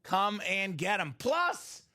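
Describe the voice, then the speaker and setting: A young man hosting a live sports card break, hyping items and bantering with viewers in quick sales patter. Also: high-pitched. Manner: energetic, shouts and jokes with viewers.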